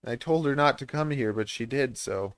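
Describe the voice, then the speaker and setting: A man's voice: medium pitch, moderate pace, no echo. A man hosting a livestream, chatting in a rambling, self-deprecating way and laughing often. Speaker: livestream host and reptile breeder.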